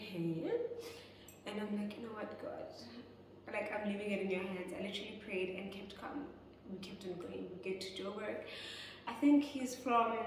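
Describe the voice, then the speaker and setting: A woman's voice: mid-range voice, slight background noise. A young South African woman telling a storytime vlog, chatty and talking straight to her viewers. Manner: chatty, keeps addressing viewers as "guys". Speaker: vlogger. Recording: echoey room, far from mic.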